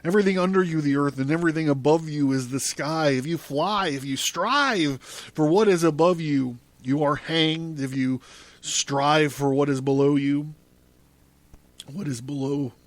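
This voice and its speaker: A man's voice: fairly high pitch, measured pace, no room sound, close to an everyday voice. A man voicing a cryptic white bird that speaks in riddles in a storybook reading. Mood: riddling.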